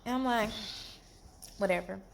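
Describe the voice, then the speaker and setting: A woman telling a storytime vlog from a hospital bed after surgery, animated and exasperated, in pain. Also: medium pitch, normal speed, creaky, a little hiss or hum. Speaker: vlogger.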